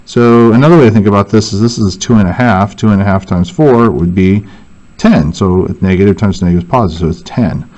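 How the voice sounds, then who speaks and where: A man's voice: lowish voice, brisk, darkish tone, muffled recording. A male teacher walking through a worksheet and thinking aloud, correcting himself as he goes. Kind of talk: worksheet walkthrough lesson.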